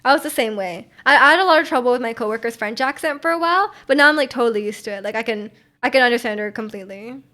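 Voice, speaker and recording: Higher-voiced young woman streamer, rambling. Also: very fast, bright, forceful tone. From North America. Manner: rambling, filler-heavy, giggly. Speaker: livestream host. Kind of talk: casual stream chat.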